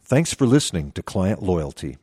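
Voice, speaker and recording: Deep-voiced man with lively pitch swings. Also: moderate pace, husky. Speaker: podcast host. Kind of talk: scripted podcast monologue.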